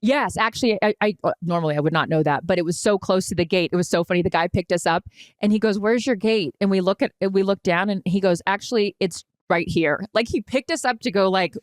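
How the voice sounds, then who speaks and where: A woman's voice: mid-range voice, fast, no echo. Woman in her 40s on a podcast, telling a wild story, swears a bit, very dry mic. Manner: animated, dramatic retelling with swearing. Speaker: podcast co-host. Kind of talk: casual storytelling chat.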